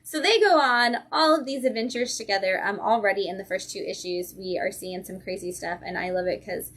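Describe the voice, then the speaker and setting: A woman's voice: medium pitch, brisk, fairly bright tone. A woman co-hosting a comic shop livestream, chatting and reviewing comics, enthusiastic and laughing often. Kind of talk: casual chat, comic reviews.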